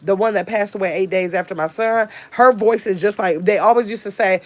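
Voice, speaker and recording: A woman with a noticeably nasal voice talks casually to viewers on a livestream. She rambles along with restarts and side remarks. Her pitch sits in the ordinary middle range. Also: a little fast, a little mellow. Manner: rambling, chatty storytelling with restarts. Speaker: live streamer. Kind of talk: casual chat to a livestream audience.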